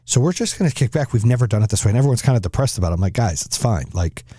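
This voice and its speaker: Brief: middle-aged male host, mellow tone, dry close sound, profane animated storyteller. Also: mid-range voice, rapid-fire, dry recording. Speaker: podcast host. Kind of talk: casual storytelling chat.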